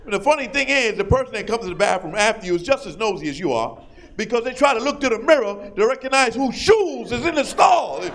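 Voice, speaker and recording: Man, stand-up comic, high voice, gravelly edge, loud storytelling. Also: sing-song, fast. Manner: loud, acts out characters, shouting punchlines. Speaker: stand-up comedian. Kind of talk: stand-up routine.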